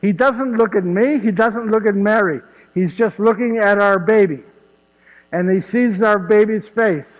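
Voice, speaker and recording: A man's voice: sits high, a little slow. An actor playing Saint Joseph as a humble, wonder-struck father, telling the story in first person and chuckling as he turns to the audience. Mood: awed. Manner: chuckles warmly at his own story, asks the audience directly. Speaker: actor in a one-man stage show. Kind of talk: first-person dramatic monologue. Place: church. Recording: echoey church, dull muffled sound.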